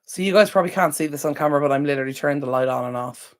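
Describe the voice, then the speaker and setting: An Irish livestream host talks rapid-fire in a low voice from a room at home beside a window. Casual and full of ums, she chats with viewers by name.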